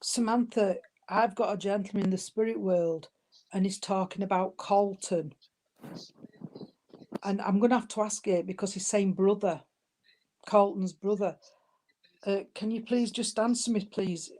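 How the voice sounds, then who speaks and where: A woman with a dark, mellow voice, working as a medium. She passes on spirit messages and calls her listeners darling and sweetheart. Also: medium pitch. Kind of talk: giving spirit messages at an online service.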